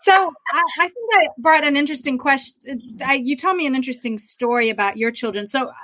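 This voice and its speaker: A woman's voice: high-pitched, fairly quick, pushed and bright. A middle-aged woman with a Southern American accent, co-hosting a podcast in a thoughtful, reflective casual chat. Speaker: podcast co-host. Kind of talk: casual conversation.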